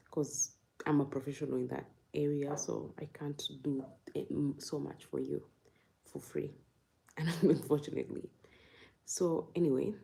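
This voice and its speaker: A woman's voice: low-pitched, creaky, warm tone, rough recording. A young woman from Uganda chatting casually on a livestream, laughing often and answering viewer comments. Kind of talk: casual live-stream chat.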